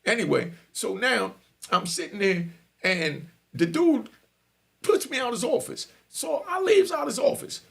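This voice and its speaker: A middle-aged man telling his own story casually, slangy and animated, often asking if you get him. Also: sits high, measured pace, gravelly. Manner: animated, slangy, keeps asking "you know what I mean".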